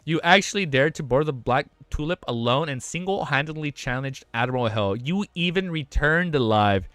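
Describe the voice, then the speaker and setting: A bold adult pirate heaps praise on a daring friend, as a man reads him out. The voice sits a touch high and comes across bright and forceful. It is recorded dry and close, with no room sound. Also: expressive, moderate pace, dry recording. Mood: admiring. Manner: read aloud plainly, close to the reader's own voice.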